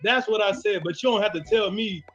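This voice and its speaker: A man's voice: sits high, brisk, muffled recording, crowd noise. A man in a heated panel argument, insistent, repeating himself to hold the floor.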